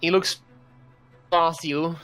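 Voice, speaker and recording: Casual dungeon master, male, slightly high voice, faint music bed. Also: fairly even intonation, slow pace, clear, resonant tone. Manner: casual, laughing, narrates with sudden loud bursts. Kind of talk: narrating a tabletop game over a stream.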